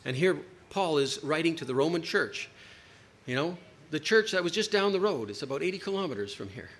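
Emphatic male preacher, lively pitch. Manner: emphatic, varied delivery with dramatic pauses. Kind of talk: sermon.

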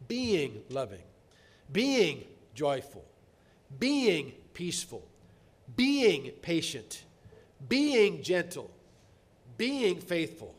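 A middle-aged man preaching a sermon, earnest, slowing down to stress key words and rising to emphatic peaks. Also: a little high, huge pitch swings.

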